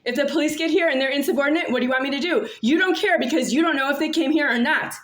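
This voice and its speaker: A woman's voice: sits high, rapid-fire, fairly bright tone. A woman vlogging alone, rambling and confrontational, repeating herself as she speaks to an unseen "you". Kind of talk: rambling monologue to camera.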